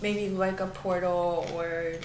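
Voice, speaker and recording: A woman's voice: lowish voice, level tone, slow pace. A woman playing a tabletop game, asking the game master hesitant questions full of "like" and "um". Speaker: player. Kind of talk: casual tabletop game play. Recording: echoey room with music behind.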